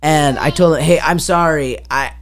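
A woman's voice: sits low, moderate pace. A woman co-hosting a casual chat, telling a long story with lots of fillers and acted-out sounds. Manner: rambling with many fillers, acts out sounds. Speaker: podcast co-host.

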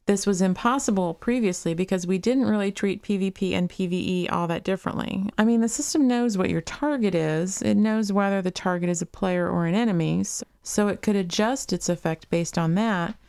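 A woman's voice: mid-range voice, a little mellow, clean tone, no room sound. A woman hosting a gaming podcast, reading interview articles aloud and chatting casually between them. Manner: reads quotes evenly, chats casually between them. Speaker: podcast host.

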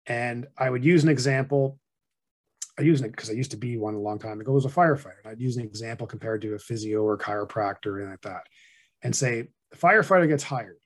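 In a casual podcast interview, a middle-aged financial advisor talks about money habits. His mid-range voice is plain-spoken and fairly monotone.

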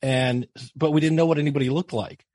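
A man's voice: fairly high pitch, fairly even intonation, a little fast, darkish tone, no echo. A middle-aged man, a podcast guest, telling stories in a chatty, self-mocking way and acting out the people he quotes. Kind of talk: casual storytelling interview.

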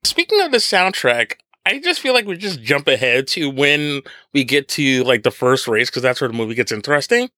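A man co-hosting a casual film review podcast, animated and joking, with playful mock impressions. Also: mid-range voice, moderate pace, few pauses, dry recording, clean studio sound. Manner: animated, laughs often, does mock impressions. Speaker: podcast co-host.

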